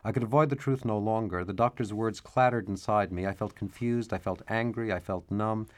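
A man talking as a guest author in an interview, reflective and measured, at times reading passages from his own book aloud. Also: on the low side.

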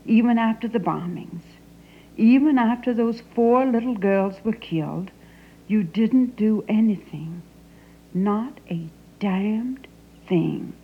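A woman playing a grown Southern daughter confronting her father, in an impassioned dramatic monologue that often sinks to a whisper. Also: medium pitch. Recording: slightly muffled 1970 broadcast with faint hum.

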